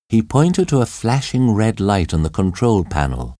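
A man narrating an audiobook story in a dramatic, expressive reading. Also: lowish voice, normal speed, hardly any pauses, no room sound, clean studio sound.

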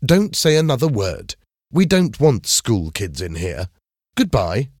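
A man's voice: mid-range voice, sing-song, unhurried, dry recording, studio quality. A man voicing a busy female magazine reporter who turns cold and dismissive.

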